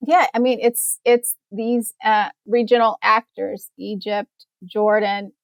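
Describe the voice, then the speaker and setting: A woman guest expert answering in measured, steady explanations. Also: mid-range voice, dry recording, lo-fi sound.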